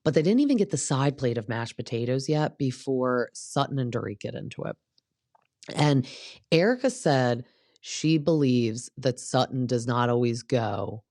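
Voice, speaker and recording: A woman's voice: extremely low pitch, darkish tone, no echo, studio quality. A young woman hosting a casual recap show, chatty and opinionated, acting out what people said. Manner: chatty, opinionated, acts out quotes. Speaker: podcast host recapping reality TV. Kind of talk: casual chat.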